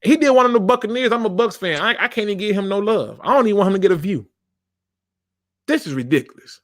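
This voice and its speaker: A man's voice: high voice, expressive, quick pace, fairly bright tone, dry recording. A man hosting a football fan channel, talking in a casual commentary rant, emphatic and informal, repeating his phrases for effect.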